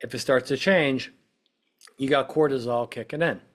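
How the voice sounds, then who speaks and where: Male podcast host, mid-pitched, casual explainer who checks in with the listener after each point. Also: moderate pace. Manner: conversational, peppers points with "right?" and "okay?"; acts out quoted speech in short bursts. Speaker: podcast host, witness-prep consultant.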